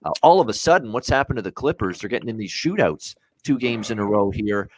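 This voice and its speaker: A man's voice: on the low side, lively intonation, fast, dry recording. A man hosting a sports betting show in casual talk, blunt and full of "uh" fillers as he rattles off scores and lines.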